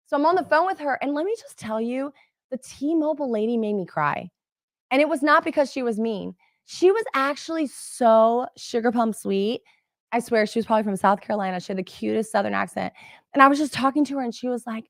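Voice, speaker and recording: A middle-aged woman giving a motivational teaching talk as a business coach, animated and chatty, often addressing her listeners as "you guys". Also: a little high, a little fast, dry recording, clean studio sound.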